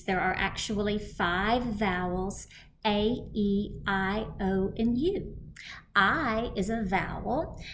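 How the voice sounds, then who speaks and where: A woman teaching a kindergarten phonics lesson, sounding out letters clearly and deliberately for young children. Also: medium pitch, a little hiss or hum.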